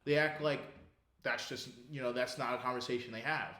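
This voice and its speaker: A man's voice: medium pitch, steady tone, fairly quick, pushed and bright. A man, a podcast co-host in casual chat who rants, swears and laughs as he talks. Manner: profane ranting, laughs and mimics others. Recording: echoey room.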